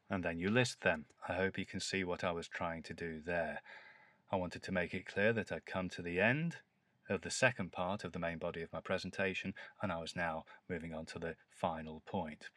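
Low, bright-voiced man teaching. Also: moderate pace, no echo, studio quality. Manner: clear, demonstrative, models phrases aloud. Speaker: English teacher. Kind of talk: scripted lesson with demonstrations.

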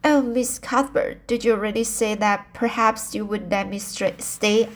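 A woman's voice: medium pitch, fairly even intonation, a little slow, natural voice. A woman reading the part of an eager, imaginative orphan girl, earnest and pleading.

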